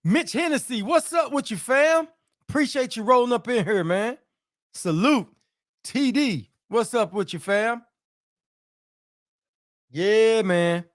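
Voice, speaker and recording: High-pitched guy hosting a live stream, slangy and loose, just chatting with the viewers. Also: animated, slow, pauses often. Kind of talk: casual live-stream chat.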